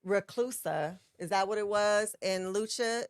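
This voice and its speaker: A woman's voice: mid-range voice, unhurried, clear, resonant tone, no echo, studio quality. A woman co-hosting a casual wrestling chat show, talking in a chatty way and laughing often. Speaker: podcast co-host.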